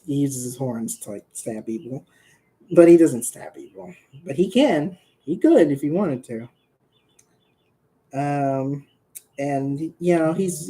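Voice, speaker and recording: A man chatting casually to viewers about characters he created, rambling and laughing, and pausing to talk to his cat. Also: mid-range voice, warm tone.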